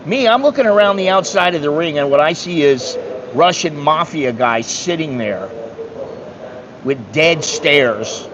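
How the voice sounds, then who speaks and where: A man's voice: on the high side, animated, measured pace. A man from the United States telling travel stories in a casual monologue, blunt and swearing, acting out the people he talks to. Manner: blunt, swearing, acts out dialogue. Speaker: travel vlogger. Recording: dull lo-fi sound with faint hum.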